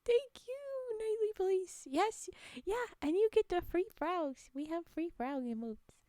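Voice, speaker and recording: A woman streamer chatting playfully with viewers during an ASMR stream, soft-spoken, often dropping to a whisper, and giggling a lot. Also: very high-pitched, lively intonation, measured pace, no echo, studio quality.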